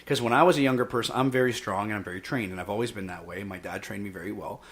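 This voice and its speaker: A man with a lowish voice talks fast and with energy. He argues emphatically as a podcast host and keeps dropping in "okay" as he builds his point. The delivery is quick and pushy, more chat than speech. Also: a bit bright. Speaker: podcast host and youth fitness instructor. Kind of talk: casual debate chat.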